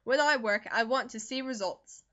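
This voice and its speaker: A woman voicing a talkative young man who is recovering from a fever, brisk and jovial, in an audiobook reading. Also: on the high side, bright, forceful tone, highs cut off.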